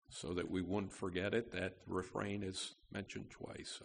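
Gravelly-voiced man preaching slowly. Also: steady tone, slight background noise. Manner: emphatic preaching with wide swings in pitch and loudness. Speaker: pastor. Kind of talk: sermon.

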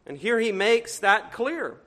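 A pastor with a fairly high voice for a man and an accent that blends Cajun with northern speech. He preaches conversationally in a church, tossing rhetorical questions at the congregation and swinging between loud and hushed. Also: very animated, slow. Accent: Cajun mixed with northern US. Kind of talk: sermon.

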